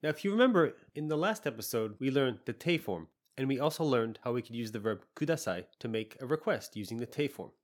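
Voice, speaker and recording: A man's voice: mid-range voice, lively intonation. Patient man teaching a language lesson. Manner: patient and explanatory, models example phrases slowly.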